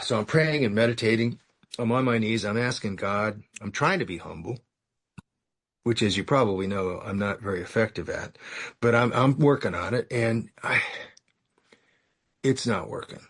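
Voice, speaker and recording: A man's voice: medium pitch, animated, moderate pace. A man from California giving a self-mocking, sarcastic storytelling share at a recovery meeting, acting out the other people in his story. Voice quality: gravelly, husky.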